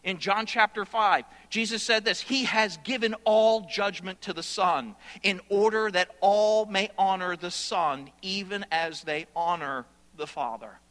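Man as preacher, high, bright ringing voice, emphatic repeats, long hall reverb. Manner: emphatic preaching with repeated phrases, slowing for scripture. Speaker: pastor. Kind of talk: sermon.

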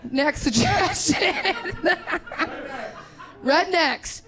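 A woman's voice: high-pitched, wildly swooping pitch, drawn-out words. Young woman comic from Indiana, brash crowd work, live club mic with a roaring audience. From Indiana, USA. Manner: brash, crude, laughing, riffing with audience. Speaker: stand-up comedian. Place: comedy club stage.

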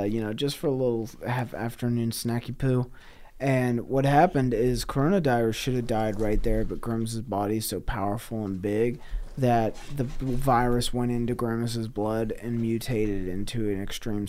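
A man's voice: medium pitch, a little mellow. Man co-host spinning absurd bits. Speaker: podcast co-host. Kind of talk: improvised comedy storytelling.

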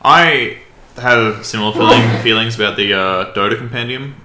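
A man's voice: on the low side, moderate pace, over music. An Australian man co-hosting a podcast, joking and complaining in casual chat. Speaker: podcast co-host. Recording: echoey room.

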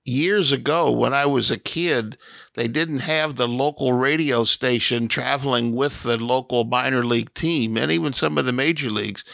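A man's voice: mid-range voice, moderate pace, creaky, fairly bright tone, no room sound. A middle-aged man co-hosting a sports radio show, reminiscing hesitantly with many fillers. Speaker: radio co-host. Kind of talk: casual sports radio talk.

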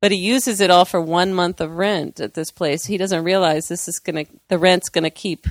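A woman co-hosting a podcast, telling chatty stories and acting out the quotes, with a creaky voice. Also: on the low side, fairly even intonation, normal speed, no room sound, clean studio sound. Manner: chatty storyteller, acts out quotes. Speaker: podcast co-host. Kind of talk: casual chat.

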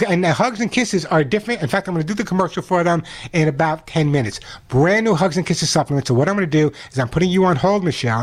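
A male radio host with a notably high voice runs a call-in pet show. He talks in an energetic, chatty flow and reads the phone number out slowly.

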